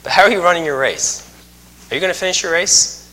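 A man's voice: high-pitched, expressive, fast talker, sharp tone. A man preaching a sermon, folksy and emphatic, with joking asides.

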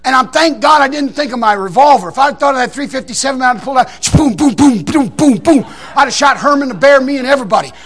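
A man, a preacher telling a folksy story in a sermon to a congregation, shouting out the lines he quotes. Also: very high voice, fast, few pauses. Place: church in front of a congregation.

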